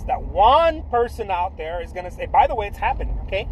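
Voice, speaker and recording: Guy with a high voice pitching his art coaching, swears a lot, keeps restarting, faint traffic behind him. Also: big pitch swings, fairly quick, few pauses, low-quality recording. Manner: blunt, profane, repeats himself, many restarts. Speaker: artist coach. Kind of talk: casual direct-to-camera pitch.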